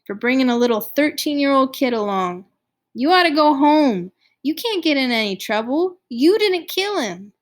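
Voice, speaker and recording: A woman's voice: high voice, expressive, moderate pace, voice pushed up. A woman voicing a scared, guilt-ridden teenage boy who talks in a quavering, pleading way. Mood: distressed.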